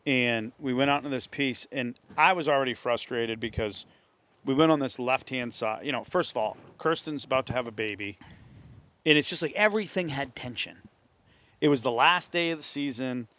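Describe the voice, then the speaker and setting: A man's voice: medium pitch, a bit bright. A man with a New England accent telling a hunting story in casual talk among friends, acting out the voices of others. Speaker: host. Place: hunting camp.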